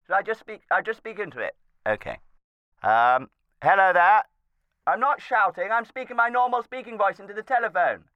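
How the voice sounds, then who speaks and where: A man's voice: sits high, animated, moderate pace, dry recording, dull audio. A man playing a flustered old judge. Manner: rambling, fussy and hesitant, with many false starts. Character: flustered posh retired male judge in his seventies. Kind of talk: comic phone message monologue.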